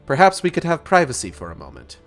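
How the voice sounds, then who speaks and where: A man's voice: on the high side, huge pitch swings, fast talker, fairly bright tone, soft background music, pitched above the performer's own voice. A man voicing a sardonic male police officer who needles a suspect, in a livestreamed book reading. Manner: needling, sarcastic. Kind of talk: audiobook-style reading on a livestream.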